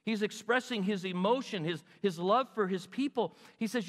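Animated preacher, man, big hall echo. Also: high voice, a little fast. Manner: animated, dramatizes God's words, asks the congregation questions. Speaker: pastor. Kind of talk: sermon.

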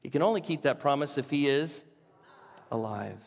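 A man preaching a sermon, his voice sitting a touch high for a man. He swings between loud, ringing proclamation and hushed, low emphasis. The sound carries a long hall reverb. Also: lively intonation, normal speed, vocal fry. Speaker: pastor. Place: church sanctuary.

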